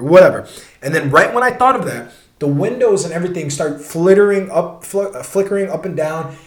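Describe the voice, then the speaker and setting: A man's voice: sits high, animated, a little fast, echoey room. A young man telling a long personal story in a casual, rambling way, swearing often and restarting his sentences.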